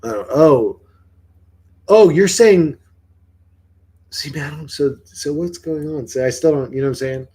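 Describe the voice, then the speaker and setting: A man's voice: a little high, a little slow, long pauses, mellow, husky. A man livestreaming who rambles, swears freely and keeps firing questions back at his chat in casual talk.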